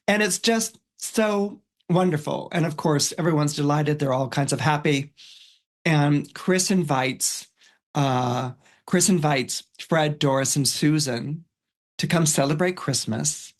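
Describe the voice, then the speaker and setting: A middle-aged man guesting on a podcast, retelling a film scene in a casual storytelling way, full of "you know" and "like". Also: fairly high pitch. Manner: chatty, many fillers like "you know" and "like". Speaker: astrologer guest.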